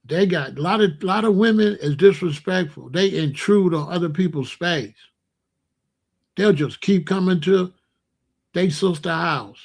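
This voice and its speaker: A man's voice: sits high, measured pace, creaky. A middle-aged man hosting his own channel, telling blunt, profane, slang-heavy stories in a casual monologue. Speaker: host.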